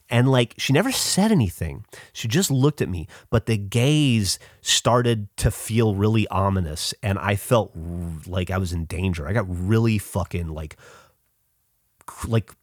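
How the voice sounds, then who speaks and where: Recorded in clean studio sound without any room sound, this middle-aged Southern U.S. man hosts a podcast in a voice on the low side. He relates a personal story haltingly and casually, with plenty of fillers, false starts and cursing.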